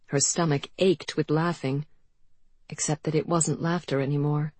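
A woman reading an audiobook aloud in measured, expressive storytelling narration. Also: low voice, husky, no echo. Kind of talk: scripted narration.

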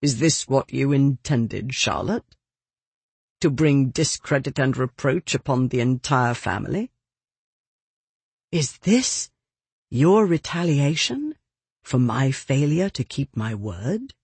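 An audiobook reader voicing a middle-aged gentleman father who speaks in a tight, defeated, subdued way. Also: medium pitch, sing-song, takes it slowly, pauses often, slightly rough, dry recording, heavily acted. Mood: reproachful.

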